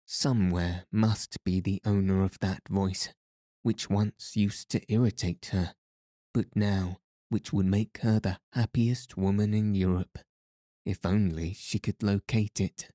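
A man's voice: lowish voice, fairly even intonation, dark tone, no room sound, studio quality. A man reading a bedtime story aloud as a sleep podcast narrator, in a soothing way. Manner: slow, soothing.

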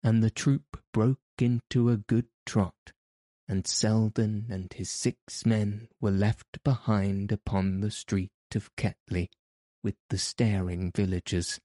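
A man narrating a classic adventure novel in a measured storytelling manner. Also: lowish voice, fairly even intonation, dark tone, dry recording, studio quality. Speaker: audiobook narrator. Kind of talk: scripted narration.

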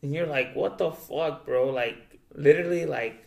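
Gravelly young man rambling casually. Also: on the high side, moderate pace, darkish tone. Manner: rambling, heavy swearing and filler "dude". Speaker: guest. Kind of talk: casual chat. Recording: echoey room.

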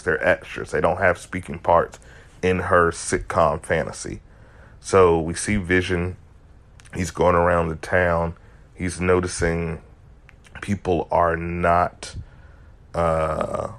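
A man's voice: low voice, a bit bright, no echo. A man giving a casual recap of a show episode, analytical and emphatic, often restarting his sentences.

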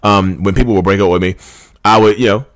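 A man's voice: lowish voice, steady tone, fast talker, no echo, studio quality. A man in his thirties talking casually to his viewers, rambling and calling them "y'all", with passionate ranting bursts. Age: 30s. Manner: chatty and rambling, often addresses viewers as "y'all". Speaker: YouTube channel host. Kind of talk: casual talk to camera.

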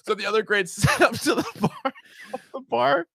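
Lively laughing man retelling movie scenes. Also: extremely high pitch, moderate pace, gravelly, husky, no echo. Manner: laughs a lot, acts out quotes in mock voices. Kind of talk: casual chat.

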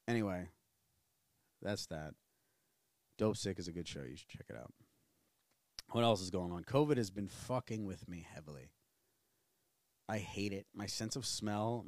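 A man's voice: fairly low pitch, no echo, clean studio sound. A man from the New area, hosting a casual solo podcast and rambling candidly with plenty of profanity. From New Orleans area. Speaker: podcast host.

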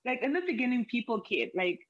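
A woman's voice: a little high, big pitch swings, a little fast, no echo, muffled recording. A woman chatting casually about a TV show, rambling with lots of "like" and restarts. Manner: rambling, many "like" fillers and restarts. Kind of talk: casual chat.

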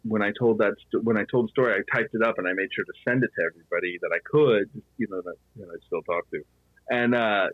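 A man with a husky, low voice tells a story in a loose, chatty way, peppered with "you know." The sound is flat and dull, like a lo-fi recording in a dead, dry space. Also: fast talker, no echo. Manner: conversational, fillers like "you know". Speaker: podcast guest telling a ghost story. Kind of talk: casual storytelling.

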